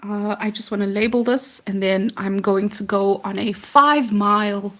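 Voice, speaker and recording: A woman's voice: mid-range voice, normal speed, a bit bright. Chatty, joking woman painting along. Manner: chatty, self-deprecating, jokey. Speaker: co-host of an art livestream. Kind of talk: casual chat while painting.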